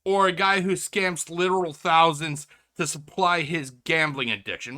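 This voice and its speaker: A man hosting a reaction video in casual, sarcastic commentary, rambling with many restarts and calling his viewers ladies and gentlemen. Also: on the high side, expressive, moderate pace, hardly any pauses. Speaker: reaction channel host.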